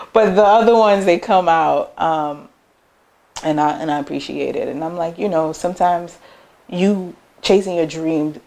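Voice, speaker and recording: A woman's voice: sits low, gravelly. A woman business owner telling personal stories in an interview, loose and chatty, acting out her family's words as she goes. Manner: animated, acts out family members' words in quoted voices; loose conversational phrasing with frequent "like" and "um".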